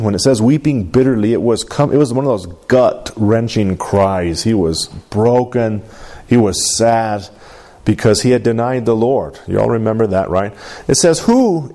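A man's voice: fairly low pitch, moderate pace, mellow. A man leading a Bible lesson, asking the group questions and tagging sentences with "right?". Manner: asks the group questions, keeps adding "right?". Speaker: Bible study teacher.

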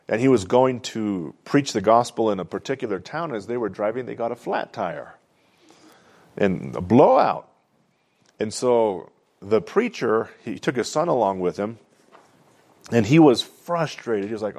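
A man's voice: lowish voice, big pitch swings, normal speed, darkish tone. A man preaching a conversational sermon, telling stories and asking "amen?" along the way. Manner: conversational storytelling, frequent "amen?" asides. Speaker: pastor.

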